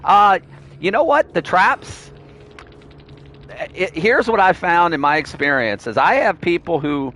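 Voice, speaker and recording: A man's voice: sits high, expressive, unhurried, pauses often, a bit bright, slight background noise. A man giving playful, teasing live commentary while streaming a game, sometimes pleading with other players.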